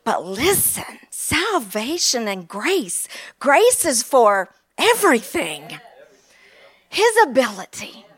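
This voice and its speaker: A woman in her fifties from Kentucky with a Kentucky accent, preaching a fervent sermon with exclamations and drawn-out words. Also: on the high side, wildly swooping pitch, slightly rough.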